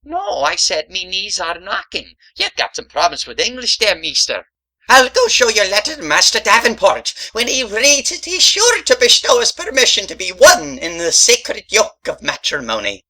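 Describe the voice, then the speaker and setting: A woman playing a lively young Irish maid, with a put-on Irish brogue and a teasing, sing-song delivery. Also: medium pitch, moderate pace, low-quality recording. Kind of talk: stage comedy acting.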